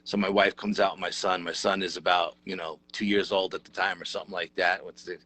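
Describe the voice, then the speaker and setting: A middle-aged man, telling a story as an interview guest in a lively, casual, rough-edged way. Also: low-pitched, a little fast. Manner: animated, conversational, rough-edged. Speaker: interview guest, paranormal researcher.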